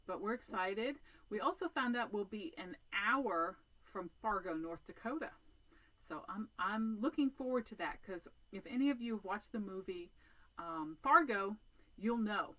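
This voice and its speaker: A woman's voice: medium pitch, pushed and bright, rough recording. Chatty woman vlogging outdoors. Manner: chatty and rambling, with many "um"s and restarts. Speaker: cross-stitch vlogger. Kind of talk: casual vlog chat. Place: sitting outdoors.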